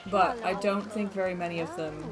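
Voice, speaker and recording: A woman's voice: fairly low pitch, fairly even intonation, fairly quick. A young Australian woman with a mixed accent that sounds partly Boston American, chatting and rambling as she streams a game, laughing often. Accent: mixed, American Boston-like with Australian traces. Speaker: gaming streamer. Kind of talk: casual live-stream commentary. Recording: game music behind the voice. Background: game music and keyboard typing.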